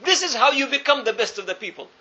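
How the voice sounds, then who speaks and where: Male preacher with a very high, bright, forceful voice, earnest and repetitive, on a dull lo-fi recording. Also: lively intonation, fast talker. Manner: earnest storytelling, repeats phrases for emphasis. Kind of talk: sermon.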